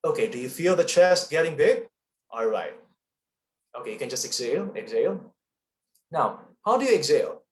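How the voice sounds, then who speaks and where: Filipino man coaching with lively pitch. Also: normal speed, long pauses, reverberant. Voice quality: trained broadcast voice. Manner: coaching, checks in with frequent "okay?". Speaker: public speaking lecturer. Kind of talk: online voice training lesson.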